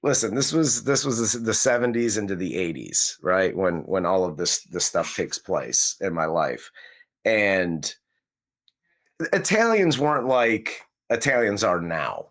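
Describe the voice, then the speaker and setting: On a movie review podcast, a male co-host with a lowish, fairly bright voice rambles through a casual chat at a measured pace, very animated. He talks about the film in the first person, speaking in character as its hero.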